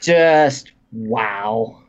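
A man's voice: fairly low pitch, animated, extremely slow, muffled recording. A man in casual chat who makes wry, sarcastic remarks and questions his co-host. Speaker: podcast co-host asking questions.

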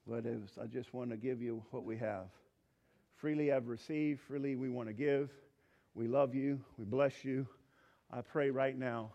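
A man preaching in a church, high in pitch for his sex. He moves between fervent, worked-up preaching and a quiet, gentle altar-call prayer. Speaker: pastor. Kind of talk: sermon. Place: church sanctuary.

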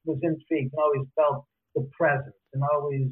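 A man telling stories as an interview guest, lively, acting out the voices of people he quotes. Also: a little high, a little fast. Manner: animated, acts out quoted voices. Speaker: author and guest. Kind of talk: casual storytelling interview. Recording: tinny phone-line audio.

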